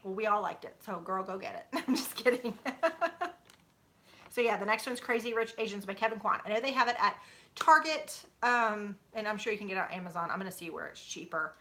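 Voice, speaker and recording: A woman's voice: mid-range voice, fast talker, bright, forceful tone. A woman in her thirties chatting casually with viewers at home, rambling with many fillers. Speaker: YouTuber. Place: home, sitting on a bed.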